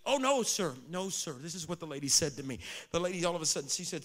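A man preaching a sermon, swinging from shouted lines to hushed whispers. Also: on the high side, sing-song, fast talker, few pauses.

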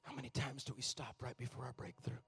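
A male pastor preaching a sermon, impassioned and building to loud fervor. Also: medium pitch, monotone, fast, husky.

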